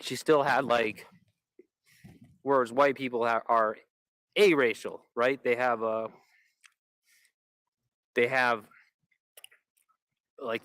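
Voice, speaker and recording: A man's voice: medium pitch, steady tone, slow pace, pauses often, a bit bright, dry recording, clean studio sound. A man live-streaming in rambling casual chat, full of "like" fillers and restarts. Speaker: livestreamer.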